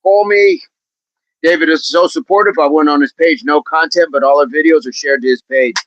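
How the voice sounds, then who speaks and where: A man's voice: on the high side, steady tone, fast talker, a bit bright, no room sound, muffled recording. A middle-aged man hosting a livestream, chatting casually, reading viewers' comments, laughing often and repeating phrases playfully. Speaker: livestream host.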